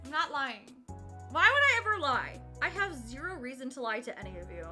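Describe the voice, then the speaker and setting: A woman's voice: high-pitched, big pitch swings, brisk, over music. A young woman streaming casually while cross-stitching, chatty and teasing, swearing freely and laughing often.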